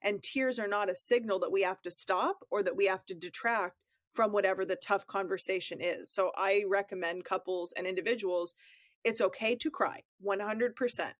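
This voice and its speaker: A woman's voice: medium pitch, normal speed, no room sound. A woman co-hosting a relationship advice podcast, speaking frankly and reflectively from her experience as a therapist. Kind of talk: casual advice conversation.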